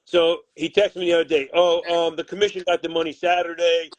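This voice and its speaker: A boxing manager bluntly retells a deal gone wrong in a heated storytelling interview, swearing a lot and acting out the quoted back-and-forth. His voice is on the high side and a little fast, recorded dry.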